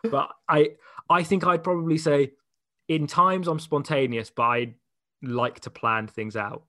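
A young man, chatting as an interview guest, talking in a loose, animated way full of "like"s and restarts. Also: on the high side, unhurried, dry recording, studio quality. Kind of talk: casual conversational interview.

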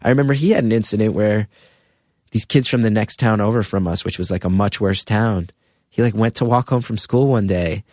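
A comedian telling personal stories in a casual conversation, animated and full of fillers. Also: male voice, lowish voice, fairly quick, no room sound, clean studio sound. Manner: animated, filler-heavy storytelling with acted quotes. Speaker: comedian guest.

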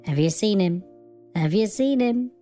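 A confused elderly woman who calls everyone mother, put on by a man in a high falsetto. She pleads in a thin, quavering voice, lost and sweet. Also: lively intonation, measured pace, warm tone, soft background music. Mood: plaintive.

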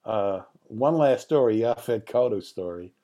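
A middle-aged film director tells stories as an interview guest, his voice lowish and his pace a little slow. He's a lively raconteur, often laughing and acting out what people said.

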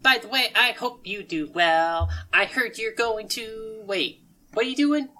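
A woman's voice: fairly high pitch, measured pace, pitched above the performer's own voice. A woman doing chirpy young sushi guy. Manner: chirpy, rambling, a bit deadpan about grim things. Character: cheerful young male sushi maker, odd and friendly.

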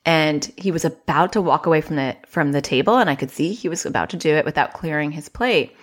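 A woman's voice: sits low, a little fast. A woman child therapist hosting a podcast, giving casual advice in a chatty, self-deprecating way and acting out little quotes.

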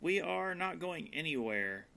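Very bright-voiced playful man co-host. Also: on the high side, big pitch swings, unhurried, creaky. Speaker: podcast co-host. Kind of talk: casual chat.

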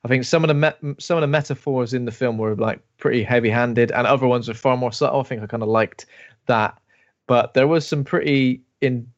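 A man co-hosting a podcast in casual chat, animated and jokey. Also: mid-range voice, a little fast, dull audio. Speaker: podcast co-host.

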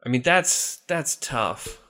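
A man's voice: mid-range voice, animated, slow pace, sharp tone. A man hosting a casual chat, rambling and chuckling as he talks, often restarting his sentences. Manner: rambling, chuckling, self-interrupting.

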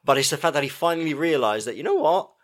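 A man's voice: medium pitch, rapid-fire, a bit bright. A man, chatting casually as a podcast co-host, joking and swearing. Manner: swearing, joking, acts out his son's voice. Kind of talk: casual chat.

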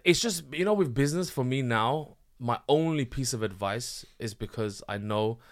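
A man who is a business founder and guest on a podcast, talking in a fervent, animated way and restarting his sentences often. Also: medium pitch, normal speed. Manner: animated and fervent, many restarts, rising sharply when excited. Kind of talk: casual podcast conversation.

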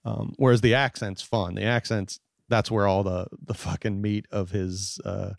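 A man's voice: fairly low pitch, level tone, moderate pace, creaky, no echo, clean studio sound. A man talking casually as a podcast guest, rambling with many fillers and restarts. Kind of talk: casual chat.

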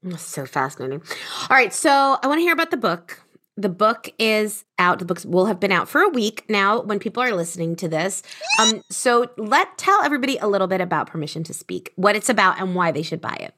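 A woman with a British accent hosting a casual chat, talking in a lively, expressive way. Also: mid-range voice, fairly quick. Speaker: podcast host.

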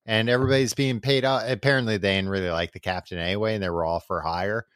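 A young adult man co-hosting a podcast, rambling through a book's plot and tossing off quick character voices. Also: on the low side, fairly even intonation, fairly bright tone, dry recording, clean studio sound. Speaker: podcast co-host. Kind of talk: casual chat, recapping a book.

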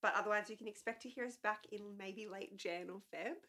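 Hoarse nasal woman podcaster. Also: medium pitch, brisk, bright, forceful tone. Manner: chatty, laughs often. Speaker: podcast co-host. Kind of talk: casual chat.

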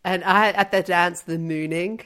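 A young woman in casual chat, animated, laughing often and acting out quotes in put-on voices. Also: fairly low pitch, measured pace.

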